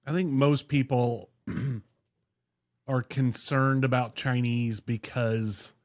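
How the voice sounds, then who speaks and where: Dry, skeptical man on a podcast. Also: mid-range voice. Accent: Oklahoman. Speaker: podcast co-host. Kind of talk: casual banter.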